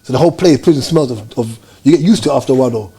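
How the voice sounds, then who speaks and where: A man from Jamaica, telling his story as an interview guest in fast, animated street slang. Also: medium pitch, breathy edge.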